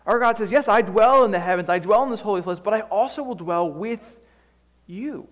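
A man preaching with a high, light voice that rises and falls as he acts out scenes with playful energy. His words carry a long reverb tail, as though spoken in a large hall. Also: brisk, highs cut off. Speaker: pastor. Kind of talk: sermon.

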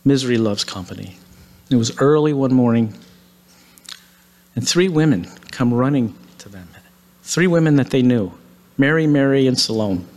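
A man's voice: medium pitch, animated, moderate pace, darkish tone. A man preaching, retelling a story dramatically and acting out the quoted lines. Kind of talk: sermon storytelling. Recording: long hall reverb.

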